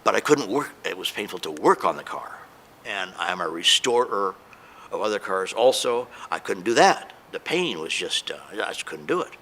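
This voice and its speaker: A man's voice: deep voice, very animated, normal speed, pushed and bright, a little hiss or hum. A man giving an unscripted, emotional testimonial as a patient, hesitant, with many fillers and restarts.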